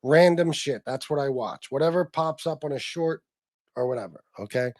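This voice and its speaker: A man's voice: a little high, normal speed, a little mellow, no room sound. A man, chatting casually on a livestream as host, swearing freely and answering viewers.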